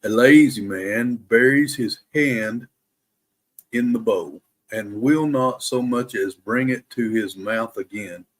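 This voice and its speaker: Man, Bible live stream host: slow, careful scripture reading, mid-pitched voice, casual between passages. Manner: slow, deliberate reading, careful to pronounce every word. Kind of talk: reading scripture aloud and chatting with viewers.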